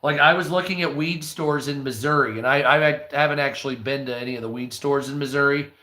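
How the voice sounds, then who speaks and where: Hosting a livestream, a man from the United States talks fast and loosely, cursing liberally as he wanders through stories and replies to chat. His pitch is medium, his tone bright and forceful, and the audio has a roomy quality.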